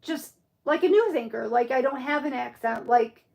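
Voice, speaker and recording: A chatty middle-aged crafter from Michigan, speaking with a Michigan accent, talks casually with her livestream viewers, reading chat, responding to their comments and musing aloud. Her high-pitched voice is gravelly and a little mellow, at normal speed, with a roomy sound.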